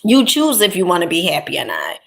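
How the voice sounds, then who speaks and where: A woman's voice: lowish voice, huge pitch swings, fairly quick, gravelly. A woman vlogger telling a story in a casual, rambling way, with many fillers and restarts, calling her viewers pet names like honey and my love. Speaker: content creator.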